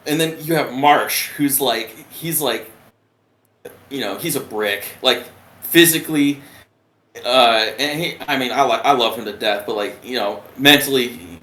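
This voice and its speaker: A man, a retired submariner, telling a story in a casual, profane and animated way. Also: mid-range voice, unhurried. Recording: roomy echo.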